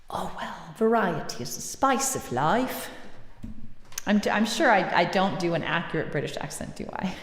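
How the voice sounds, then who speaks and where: A woman's voice: fairly high pitch, a bit bright, roomy sound, in a large hall. A woman hosting a music livestream, chatting casually with viewers in a self-deprecating way and laughing easily.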